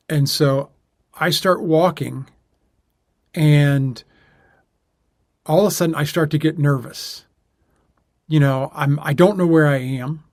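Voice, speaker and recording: A man co-hosting a podcast tells a personal story with many pauses and restarts. His voice sits a little high for a man. The sound is dry and close. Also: darkish tone, no room sound. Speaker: podcast co-host. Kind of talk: casual conversation, personal story.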